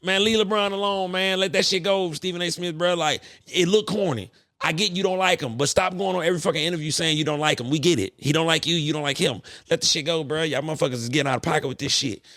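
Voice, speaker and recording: A man hosting a podcast, ranting in a casual, profane, animated monologue. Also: on the high side, fast talker, no room sound, clean studio sound. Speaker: podcast host.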